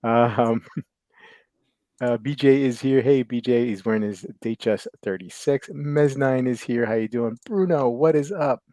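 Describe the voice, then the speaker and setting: A man's voice: medium pitch, unhurried, mellow, dry recording, clean studio sound. An American man in his thirties hosting a casual livestream podcast, rambling with many fillers and restarts as he greets chat viewers. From United States. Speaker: podcast host.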